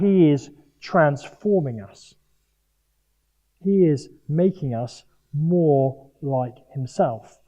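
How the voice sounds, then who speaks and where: A man from Jersey preaches earnestly, with a voice that sits a little high. His delivery is animated and full of self-mocking humour. The sound is muffled and lo-fi, like a live talk recording. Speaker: speaker at a Christian sports event. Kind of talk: sermon.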